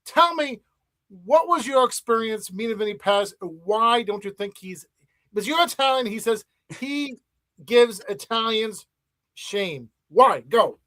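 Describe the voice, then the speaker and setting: Halting male podcast host, high voice. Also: lively intonation, sharp tone, no echo. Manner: halting, many "um" and repeated words. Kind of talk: casual podcast hosting.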